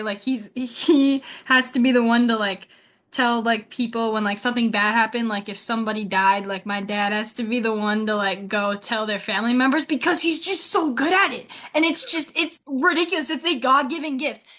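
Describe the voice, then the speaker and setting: A teenage girl telling stories as a podcast co-host, chatty, with constant filler words and quick laughs. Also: on the high side, a bit bright. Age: teens. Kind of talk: casual storytelling.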